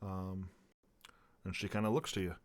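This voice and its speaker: A man's voice: sits low, flat delivery, moderate pace. A man running a tabletop game as dungeon master, describing scenes in a loose, rambling way with many fillers.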